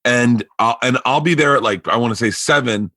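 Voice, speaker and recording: A man's voice: medium pitch, a little fast, no echo. A man from Florida hosting a podcast, telling rambling stories in casual chat and acting out other people's lines. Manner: rambling, animated storyteller who acts out quotes. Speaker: podcast host.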